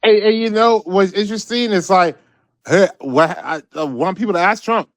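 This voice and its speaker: A man's voice: high-pitched, moderate pace, dry recording. A man co-hosting a podcast, ranting in casual, profane, rambling political commentary and repeating his words. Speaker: podcast co-host.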